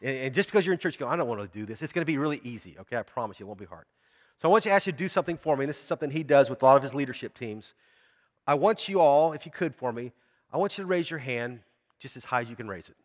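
A man's voice: mid-range voice, lively intonation, rapid-fire. Man preaching in an echoing church. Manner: conversational preaching, asks the congregation questions. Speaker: pastor. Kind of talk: sermon.

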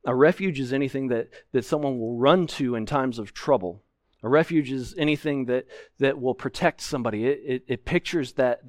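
A man's voice: mid-range voice, no room sound, clean studio sound. A man preaching a sermon from a pulpit, explaining scripture earnestly and with emphasis. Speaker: pastor. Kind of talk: expository sermon. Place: church sanctuary, at a pulpit.

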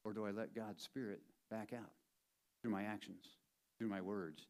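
A man's voice: lowish voice, fairly even intonation, moderate pace, darkish tone. A man preaching a sermon as a pastor in a church, conversational and playful, driving points home by repeating them. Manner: conversational and playful, with emphatic repetition.

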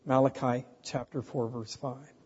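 A man preaching a sermon in a slow, emphatic way, asking the congregation rhetorical questions. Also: medium pitch, flat delivery, a little mellow, breathy edge. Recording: dull, hall reverb, from a distance.

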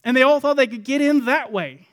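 A man preaching a sermon, acting out the voices of the people in his text, moving between loud pleading lines and soft, low asides. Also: a little fast. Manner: dramatic, voicing the people in the parable. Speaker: pastor.

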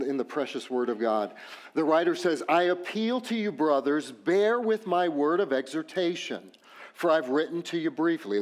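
A man with a West Texas accent preaching a sermon as pastor, animated, with joking asides and rising emphatic questions. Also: fairly high pitch.

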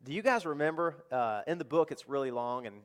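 A man's voice: fairly high pitch, lively intonation, fairly quick. Man preaching in an echoing hall. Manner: conversational preaching with rhetorical questions to the congregation. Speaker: pastor. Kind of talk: sermon.

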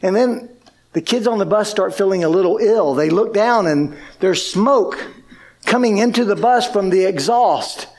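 A man preaching to his church, telling a long story with energy. His voice sits high, and he drops into the voices of the people he describes. The delivery keeps shifting in speed and loudness as he builds the story. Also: moderate pace. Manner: animated, acts out quoted speech. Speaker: pastor. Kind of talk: sermon storytelling.

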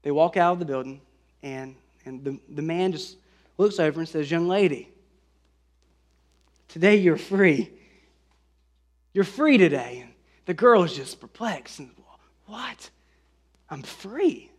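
Male pastor, high voice, earnest sermon delivery, some restarts and fillers. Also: expressive, measured pace, long pauses. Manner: earnest, with fillers and restarts, rising emphasis on scripture.

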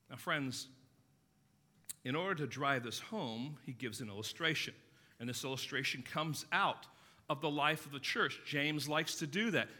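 Male pastor preaching, bright tense voice, long church hall echo, earnest emphasis. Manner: earnest preaching, rising for emphasis, dropping low for stories. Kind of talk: sermon. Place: church sanctuary.

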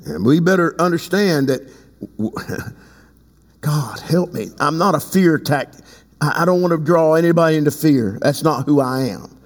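A man preaching a sermon as bishop of his church, talking conversationally and breaking into loud emphatic bursts. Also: a little high, animated, a little slow. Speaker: bishop and pastor. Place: church sanctuary. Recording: long reverb in a large hall.

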